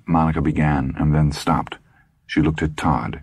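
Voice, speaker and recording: A man reading an audiobook aloud with dramatic, expressive storytelling. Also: rumbling low, moderate pace, husky, no echo, studio quality. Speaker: audiobook narrator. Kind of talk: scripted audiobook narration.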